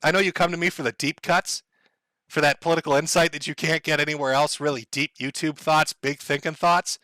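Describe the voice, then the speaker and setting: A man's voice: on the high side, level tone, brisk, sharp tone, dry recording. A man ranting casually to his live chat, rambling and profane, laughing as he goes. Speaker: streamer.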